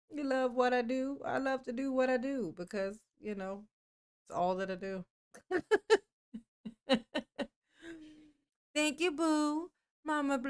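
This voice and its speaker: A woman's voice: on the high side, smooth. A woman hosting a livestream, giving sassy, playful, teasing commentary in a casual chat. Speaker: livestream host.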